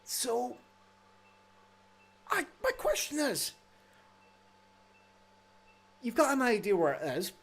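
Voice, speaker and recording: Male tabletop player, lively pitch, unhurried, questioning. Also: breathy edge. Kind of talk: in-character tabletop role-play.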